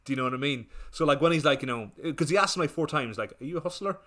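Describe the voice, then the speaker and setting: A man's voice: medium pitch, fast, a bit bright. A man co-hosting a film podcast, chatting and joking casually. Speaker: podcast co-host.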